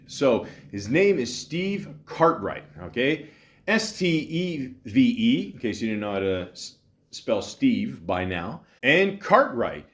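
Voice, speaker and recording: A man hosting a podcast, ranting bluntly in casual commentary, swearing and stopping often to fill pauses. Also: mid-range voice. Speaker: podcast host.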